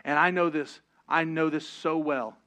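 A middle-aged pastor preaching a sermon, swinging from loud, driving exhortation down to hushed, confessional moments. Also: male voice, on the high side, steady tone, measured pace.

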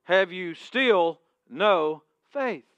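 A male pastor preaching in a church room, emphatic and shifting from booming to hushed. His voice is bright and forceful. It sits on the higher side and sounds dry and close. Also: expressive, drawn-out words, no echo, lo-fi sound. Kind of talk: sermon.

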